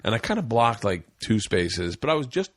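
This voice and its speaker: A middle-aged man hosting a podcast in casual chat, telling stories with lots of swearing and loud acted-out quotes. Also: fairly low pitch, moderate pace, no room sound, studio quality. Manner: profane, animated storyteller, acts out quotes with sudden loud jumps. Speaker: podcast host.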